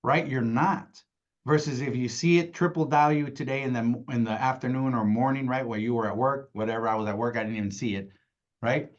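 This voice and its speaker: A man with young kids, giving an energetic, casual sales training talk, acting out phone calls and often asking "right?". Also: medium pitch, fairly quick, dull audio. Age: adult with young kids. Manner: energetic, acts out calls in quoted voices, keeps asking "right?".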